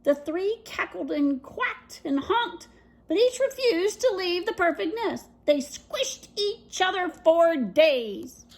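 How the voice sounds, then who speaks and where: A woman reading a children's picture book aloud, expressive, with dramatic pauses and whispered asides. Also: very high voice. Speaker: story reader.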